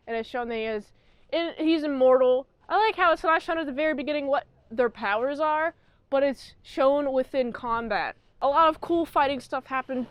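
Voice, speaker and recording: A young woman giving a casual, chatty spoiler review of a movie, excitable and jumping from thought to thought. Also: high-pitched, clear, resonant tone, no room sound.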